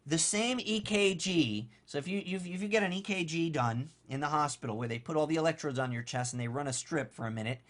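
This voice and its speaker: A man coaching on online marketing in a casual, blunt monologue, animated and conversational, with offhand swearing. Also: a little high, brisk, hardly any pauses.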